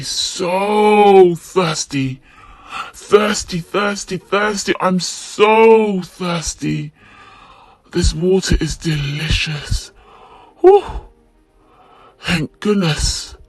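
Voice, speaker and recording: A good-natured cartoon cow, voiced by a man, speaks very slowly with a husky tone. His pitch swings lively and the sound is dry and close. Soft music plays under him. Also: no room sound, exaggerated voice. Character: cheerful thirsty male cow.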